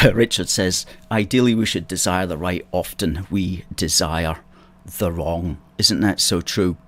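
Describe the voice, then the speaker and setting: A man with a Scottish accent from Ayrshire hosts a casual livestream in a low, deep voice. He reads viewer comments aloud and answers them in a chatty way, with the odd wry aside. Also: measured pace, a bit bright. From Scotland, Ayrshire. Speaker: host of a political livestream.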